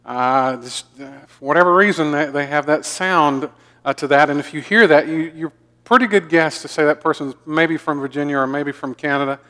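Southern pastor preaching in a reverberant hall. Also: male voice, a little high, moderate pace, fairly bright tone. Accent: mild Southern American. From American South. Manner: folksy, joking, with frequent repeated words. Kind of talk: sermon. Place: church sanctuary.

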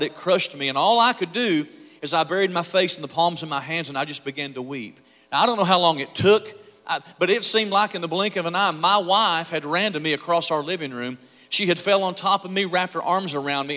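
A middle-aged man giving a testimony sermon, confessional at first, then fervent. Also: fairly high pitch. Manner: quiet and confessional, building to fervent preaching. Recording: echoey hall reverb.

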